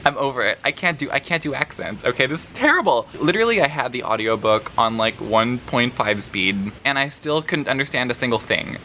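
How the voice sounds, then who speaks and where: A man's voice: medium pitch, sing-song, a little fast, few pauses, noisy background. A man vlogging a book review, sarcastic and dramatic, swearing freely and laughing between remarks. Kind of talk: casual vlog review.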